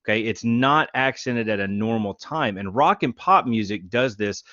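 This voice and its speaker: A man teaching a music class, counting beats out loud and showing rhythms on guitar. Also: medium pitch, expressive, moderate pace, dry recording, highs cut off. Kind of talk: lecture.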